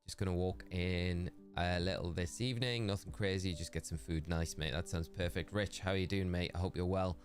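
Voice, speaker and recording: A man's voice: deep voice, fairly even intonation, moderate pace, hardly any pauses, soft background music. A young man streaming a game, chatting casually and in a friendly way with viewers and calling them "mate". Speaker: gaming streamer. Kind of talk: casual live-stream chat.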